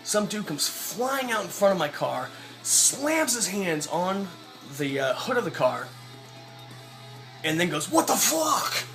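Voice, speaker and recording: A man's voice: high voice, expressive, takes it slowly, long pauses, fairly bright tone, soft background music. A young man telling an angry personal story in a vlog, swearing a lot and acting out the people he quotes. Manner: profane, ranting, acts out quoted voices. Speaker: vlogger.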